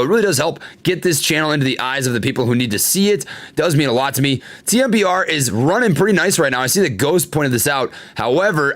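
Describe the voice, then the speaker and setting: Young guy live-streaming stock charts, kinda high voice, gets frustrated, reads the chat. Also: fairly bright tone. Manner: frustrated, reads chat aloud, swears and laughs it off. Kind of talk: casual live-stream commentary.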